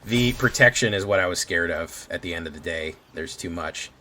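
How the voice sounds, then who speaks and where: A man streaming a card game, casually muttering his plays aloud with quick exclamations. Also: low-pitched, bright, forceful tone, a little hiss or hum. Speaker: gaming streamer. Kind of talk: casual gameplay commentary.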